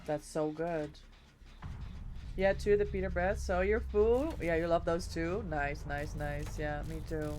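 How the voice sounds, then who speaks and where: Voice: mid-range voice, steady tone, a little slow, darkish tone. A streamer with a Dutch accent, a native Dutch speaker, chatting casually with viewers between game moves. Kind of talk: casual live-stream chat while gaming.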